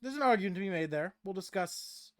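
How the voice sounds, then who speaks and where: A man narrating a tabletop game as game master, halting with many fillers. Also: high voice, animated, no echo, clean studio sound.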